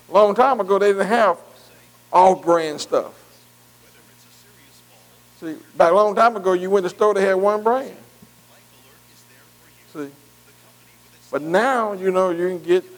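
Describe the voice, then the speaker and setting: A man's voice: high-pitched, low-quality recording. A man preaching a folksy sermon, calling out to the congregation. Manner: folksy, call-and-response preaching with dialect.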